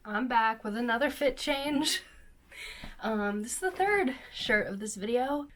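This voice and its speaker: Young female vlogger, slightly high voice, casual bubbly chat at home. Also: expressive, unhurried, loud music behind the voice. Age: young adult. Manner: bubbly, chatty, self-deprecating. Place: bedroom at home.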